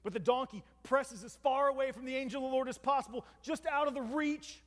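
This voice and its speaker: A man's voice: extremely high pitch, a little fast, a bit bright. A man preaching a storytelling sermon, retelling a scripture story dramatically with asides to his listeners. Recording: long hall reverb.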